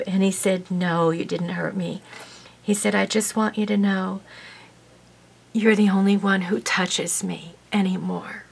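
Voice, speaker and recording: A woman's voice: medium pitch, fairly even intonation, unhurried, creaky, breathy edge. A woman vlogger telling a heartfelt personal story to her viewers in a casual, rambling way, with many fillers and an emotional, sometimes tearful tone. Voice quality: warm, emotional, tearful at times.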